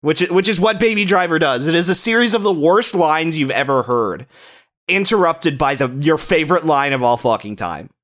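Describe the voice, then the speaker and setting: A young man on a casual podcast, rattling off his opinions with excitement and plenty of swearing. His voice sits a bit higher than most men's. He trips over his own words and restarts often as he rushes ahead. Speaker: podcast co-host. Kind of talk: casual movie-review chat.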